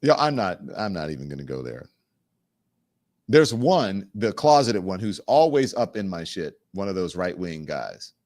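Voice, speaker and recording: A man's voice: low voice, sing-song, normal speed, darkish tone, no echo. A man hosting a live online talk show, speaking candidly and with animation straight to his viewers. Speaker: show host. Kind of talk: casual livestream commentary.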